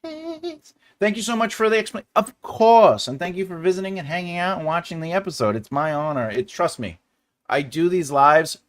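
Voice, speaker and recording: A man's voice: fairly high pitch, fairly bright tone. A man with a New York accent hosting a live-stream writing lesson, chatting with viewers and laughing often.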